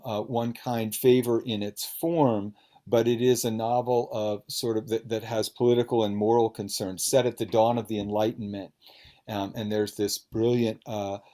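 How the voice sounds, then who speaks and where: Earnest, low-voiced male interviewer. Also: steady tone, moderate pace, mellow. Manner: earnest, emphatic, talkative. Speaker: interviewer and fellow author. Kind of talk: book event conversation.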